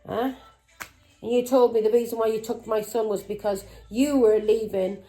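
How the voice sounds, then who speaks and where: A middle-aged woman, running a tarot reading vlog. Her tone is mellow and dark, but her delivery is furious and accusing, full of swearing and taunting questions. Faint music plays behind her. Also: a little high, steady tone, moderate pace, rough recording. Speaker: tarot reader.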